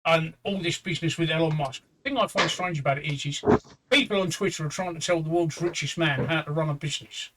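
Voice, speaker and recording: A man's voice: fairly high pitch, quick pace, fairly bright tone, a little hiss or hum, low-quality recording. A man co-hosting a live stream who also streams games, chatty and asking pointed questions. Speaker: co-host and gamer on a live stream. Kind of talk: casual live-stream chat.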